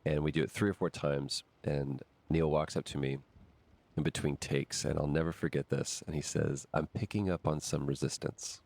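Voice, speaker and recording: A man with an extremely deep voice, speaking as an actor in interview. He tells the story candidly and acts out the dialogue he quotes. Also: level tone, moderate pace, vocal fry, a little mellow. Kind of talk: interview anecdote.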